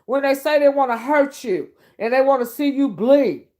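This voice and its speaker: A woman's voice: high voice, moderate pace, a little mellow. A woman giving a blunt, preachy late-night livestream rant, often tagging her points with "okay?". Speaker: online commentator.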